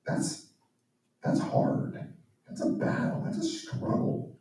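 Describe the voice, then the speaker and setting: A man's voice: takes it slowly, dark tone. A man giving a reflective talk at a church as a guest speaker, earnest and at times dropping to near-whispers. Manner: earnest, drops to near-whispers on emotional points. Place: church hall. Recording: very echoey room, speaker far from mic.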